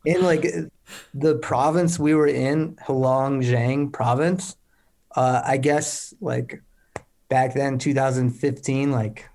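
A man's voice: medium pitch, steady tone, slow pace, darkish tone. A young male athlete talks casually as an interview guest. He rambles along cheerfully and scatters "like" through nearly every sentence. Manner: rambling, heavy on "like" fillers, upbeat.

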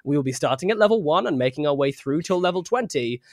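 A man's voice: fairly high pitch, expressive, fast talker, no room sound, clean studio sound. A man hosting a podcast and running a tabletop game as dungeon master, chatting casually and laughing often. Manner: laughing, playful, rambling.

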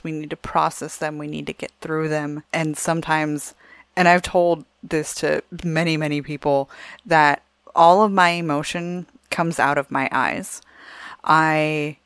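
A woman talks earnestly and from the heart as she co-hosts a relaxed podcast chat. Her voice sits on the low side. The sound is dry and close. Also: measured pace, clear, resonant tone, no echo. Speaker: podcast co-host. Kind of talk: casual chat.

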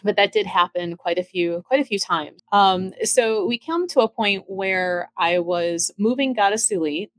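A middle-aged woman casually telling ghost stories from her own home, chatty and lively, acting out the voices of the people in her story. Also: medium pitch, measured pace, hardly any pauses, no room sound. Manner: chatty, animated, acts out quoted dialogue. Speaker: storyteller recounting ghost encounters.

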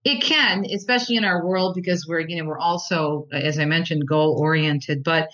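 Low-voiced animated woman talk host. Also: normal speed, muffled recording. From United States. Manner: animated storyteller, repeats words when starting sentences. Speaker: Catholic talk show host, guest. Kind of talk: conversational interview.

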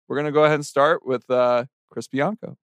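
A man's voice: medium pitch, fairly even intonation, fairly bright tone, clean tone, dry recording. A man running a pronunciation quiz segment, announcing words and spelling them out. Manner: brisk, announcing, reads spellings slowly. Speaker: quizmaster producer.

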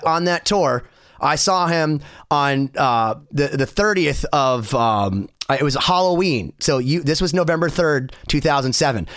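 A male podcast co-host in casual chat, filling in background with pauses and fillers. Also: a little high, a bit bright, no echo, clean studio sound. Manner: chatty, adds context with stops and fillers.

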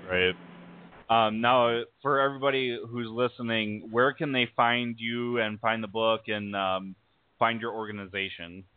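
A man's voice: medium pitch, fairly even intonation, unhurried, clean tone, dry recording. A man hosting an interview, asking questions with some fumbling. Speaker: host. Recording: dry tinny phone-like sound.

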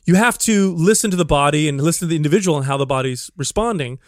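A man's voice: on the high side, animated, fast, no echo, studio quality. A man co-hosting a podcast, a fitness trainer explaining his approach in an earnest, rambling way. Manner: earnest, explanatory, many restarts. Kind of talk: casual podcast chat.

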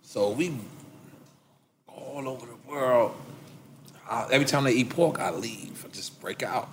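A man of Puerto Rican heritage telling a story in casual chat, lively and animated, often dropping into deep voices when he quotes others. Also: unhurried. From Puerto Rico heritage. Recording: echoey room with clear background noise.

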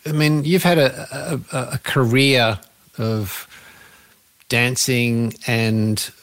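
A man hosting a podcast interview, asking long questions in halting, searching phrasing. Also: medium pitch, a bit bright. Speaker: podcast host.

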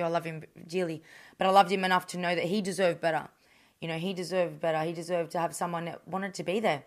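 An Australian woman in her thirties with a fairly low voice speaks candidly in an interview. Her talk is blunt and salty, full of swearing, fillers and quick restarts. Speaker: boxer, interview guest.

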